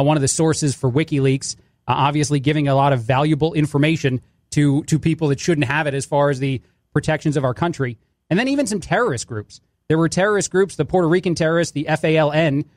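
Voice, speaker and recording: Wry talk radio man, high voice. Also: no echo, studio quality. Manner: wry, critiques clips as he plays them. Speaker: fill-in radio host. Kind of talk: opinionated talk radio commentary.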